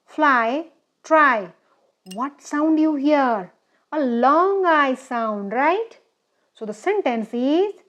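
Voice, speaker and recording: Woman teacher for a kids' phonics lesson: unhurried, checks in often, slightly muffled recording. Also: a little high. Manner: slow, deliberate, often asks "okay?".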